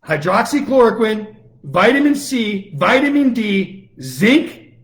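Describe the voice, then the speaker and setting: Man, middle-aged, higher-pitched voice, heated political rant, taunting. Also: sing-song, takes it slowly. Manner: heated, taunting, repeated challenges. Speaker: lawyer and online show host. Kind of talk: combative political monologue.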